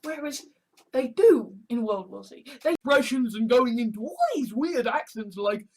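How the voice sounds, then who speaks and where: A woman's voice: fairly high pitch, expressive, unhurried, darkish tone, breathy edge. A woman in a casual monologue, swearing often and acting out her own reactions in quotes.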